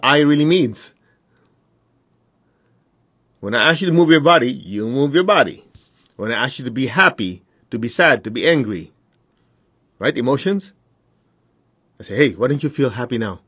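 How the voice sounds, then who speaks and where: Blunt male spiritual teacher, husky voice, dry close sound, talks straight to his followers. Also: mid-range voice, expressive, measured pace, pauses often, a bit bright, no room sound. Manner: blunt, direct, laughs between points.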